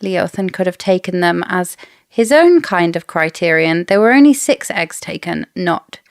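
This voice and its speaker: Woman, book podcast co-host, chatty theorizing, creaky voice, dry close sound. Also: lowish voice, animated, moderate pace, no room sound. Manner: theorizing, chatty, laughs often. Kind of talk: casual book discussion.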